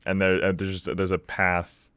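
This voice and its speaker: A man hosting a podcast interview, speaking thoughtfully in halting, restarting phrases. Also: deep voice, little pitch movement, a bit bright, clear, resonant tone, dry recording. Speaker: podcast host.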